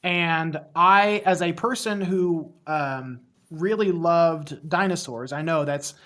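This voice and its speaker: A West Virginian man in his thirties chats casually as a podcast guest, his voice slightly higher than most men's and fairly bright. He talks slowly, rambling, playing himself down, and often stumbling and restarting his sentences.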